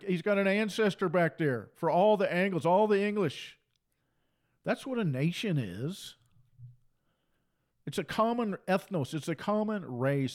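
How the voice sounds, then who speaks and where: Fervent man preaching, raised voice. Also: on the high side. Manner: fervent, repetitive, mocks opponents in sing-song asides. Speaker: preacher on a livestream. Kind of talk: impassioned preaching monologue.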